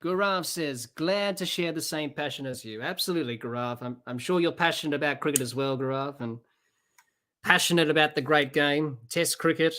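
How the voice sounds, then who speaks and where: A woman hosting a live cricket watch-along podcast, excitable as she calls the play and answers viewer chat. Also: low voice, moderate pace. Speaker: podcast host.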